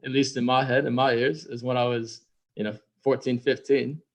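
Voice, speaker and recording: A man from Minnesota chats as a podcast guest over a remote call. His pitch sits mid-range for a man, and his talk is easygoing and self-deprecating. He pads his sentences with plenty of "you know". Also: little pitch movement, moderate pace. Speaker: guest sailor. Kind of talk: casual conversation.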